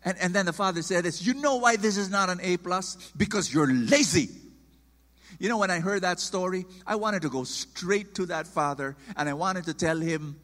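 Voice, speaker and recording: A man preaching a sermon, emphatic and animated, acting out quoted voices. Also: sits high, brisk, in a large hall.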